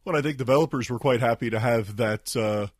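A man's voice: mid-range voice, brisk, no room sound, studio quality. A man co-hosting a casual tech podcast, easygoing and explanatory. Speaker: podcast co-host.

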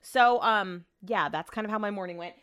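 A woman's voice: mid-range voice, moderate pace, fairly bright tone, smooth, no room sound, studio quality. A woman telling a casual story monologue, chatty and blunt, swearing freely as she retells back-and-forth conversations.

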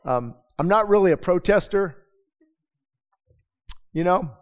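A male pastor preaches in a loose, conversational way, tossing out rhetorical questions and quick asides. His voice sits a little high for a man. The sound carries a long reverb from a church sanctuary. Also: animated. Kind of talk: sermon.

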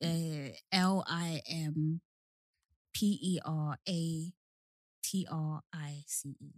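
A woman's voice: sits low, fairly even intonation, drawn-out words, darkish tone, no echo. A young woman, co-hosting a casual chat and talking easily, laughing often. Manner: chatty, laughs easily, spells out names. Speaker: podcast co-host.

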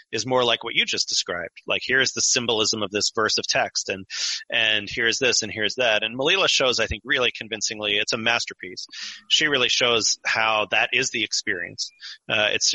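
A man's voice: lowish voice, normal speed, pushed and bright, no echo, low-quality recording. A man, a guest author in a conversational podcast interview, explaining ideas at length, digressive and full of fillers.

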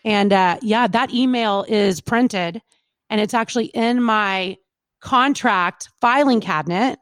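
A woman in her thirties, a radio personality, telling stories in a casual interview, chatty and animated with plenty of fillers. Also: mid-range voice, slow pace, dry recording. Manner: animated, chatty, lots of fillers and quoted asides.

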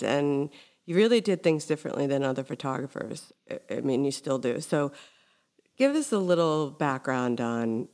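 A woman with a notably deep voice hosts a casual interview. She tells her stories in an animated, chatty way, full of casual fillers. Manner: animated storytelling, frequent "like" fillers. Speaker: podcast host.

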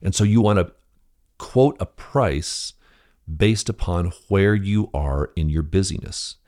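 A podcast host, a fifty-year-old man with a deep voice, speaks slowly in a conversational business talk. He tells stories and acts out quoted dialogue with animated jumps in pitch, addressing the listener directly amid frequent restarts and fillers.

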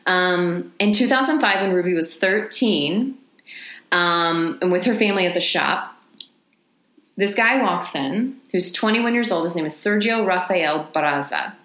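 A woman's voice: lowish voice, animated, unhurried, a bit bright, roomy sound. A woman with a Texan accent, co-hosting a podcast and telling a story in casual chat, swearing freely and laughing often. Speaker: podcast co-host.

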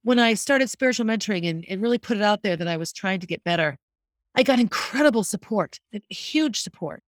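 A woman's voice: medium pitch, lively intonation, fairly quick, dry recording, clean studio sound. A middle-aged woman hosting a podcast, talking candidly and earnestly in a reflective monologue. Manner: candid and earnest, speaking openly about grief. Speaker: podcast host.

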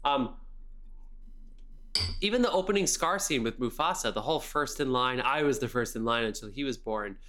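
A man's voice: mid-range voice, moderate pace. A young man co-hosting a podcast, ranting about a movie with lots of swearing and mocking quotes. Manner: animated ranting with profanity and mock quotes. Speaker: podcast co-host. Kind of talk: casual movie review chat.

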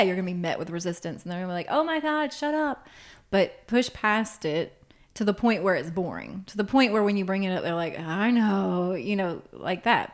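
Frank, animated woman on a podcast. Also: mid-range voice. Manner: frank, animated, laughing asides. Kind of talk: casual podcast chat.

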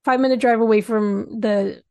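A Canadian woman co-hosting a podcast, chatting casually and telling stories in an animated way. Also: fairly high pitch, brisk, dry recording, studio quality. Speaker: podcast co-host. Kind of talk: casual chat.

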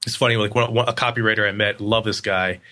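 A man in a casual interview, telling stories in a rambling, animated way with lots of fillers. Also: lowish voice, fast. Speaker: agency guest.

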